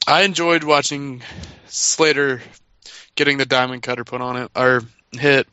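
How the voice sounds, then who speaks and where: A man's voice: medium pitch, flat delivery, a little slow, bright, forceful tone, clean tone, dry recording. A man in a casual wrestling podcast chat, eager and rambling, with lots of fillers. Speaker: podcast co-host. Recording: dry, dull lo-fi audio.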